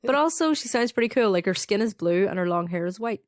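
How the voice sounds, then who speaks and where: A young Irish woman co-hosting a podcast, retelling folklore in casual chat with quick, swearing asides. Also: mid-range voice, animated, dry recording, clean studio sound. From Ireland. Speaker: podcast co-host.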